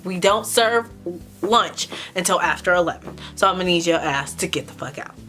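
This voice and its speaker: Irritated fast-food worker guy, done by a woman, exasperated, rude, lowish voice. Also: expressive, pushed and bright, faint music behind.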